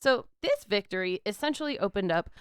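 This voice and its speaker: A woman's voice: mid-range voice, expressive, a little fast, a little hiss or hum. A woman co-hosting a podcast, reading history in an irreverent, slangy way and stumbling over words now and then. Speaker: podcast co-host. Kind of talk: casual history narration.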